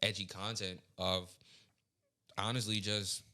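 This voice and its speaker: A man's voice: fairly low pitch, little pitch movement, slow, vocal fry, pushed and bright. A young man co-hosting a podcast, ranting bluntly and profanely in casual chat. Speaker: podcast co-host.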